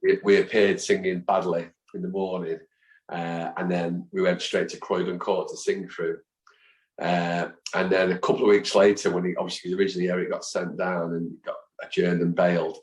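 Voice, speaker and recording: A middle-aged man, telling lively, animated anecdotes as a guest in a conversation. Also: low voice, normal speed. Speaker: guest, football fan and chant songwriter. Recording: roomy echo.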